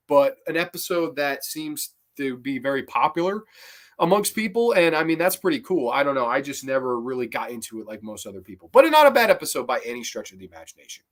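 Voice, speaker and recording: A young man talks through a cartoon season in a loose, unscripted way. His voice sits at a middling pitch and leaps up whenever he gets excited, with plenty of restarts along the way. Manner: rambling, animated, with restarts and jumpy emphasis. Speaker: host of a cartoon review show. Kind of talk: casual spoken episode review.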